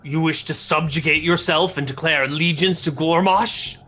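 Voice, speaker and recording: A man voicing a stern, suspicious male orc shaman who shouts his commands. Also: a little high, steady tone, normal speed. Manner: shouting commands, gruff and demanding.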